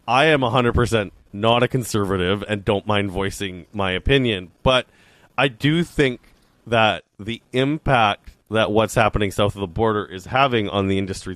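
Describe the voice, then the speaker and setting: A man co-hosting a casual chat show, talking earnestly and thinking aloud with pauses. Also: lowish voice, a bit bright, no echo. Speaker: podcast co-host.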